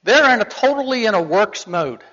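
A man's voice: high voice, animated, normal speed, a bit bright. A man teaching a Bible lesson in a conversational way, putting rhetorical questions to his listeners. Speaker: preacher. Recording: dull reverberant hall recording.

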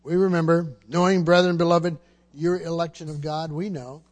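High-voiced man preaching a sermon. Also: little pitch movement, normal speed, a little mellow. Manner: emphatic, repeats words while teaching; asks the congregation questions.

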